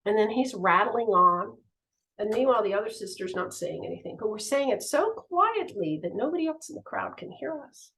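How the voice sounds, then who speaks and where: A woman's voice: on the high side, poor audio. A woman giving a spiritual teaching talk, telling personal stories with animation and acting out the voices in them. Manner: animated storytelling, acts out the voices in her stories.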